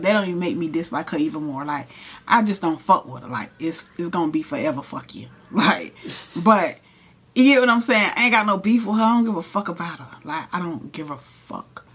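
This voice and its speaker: A young woman, casually telling a profane, animated story while doing her makeup. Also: mid-range voice, husky. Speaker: hairstylist and vlogger.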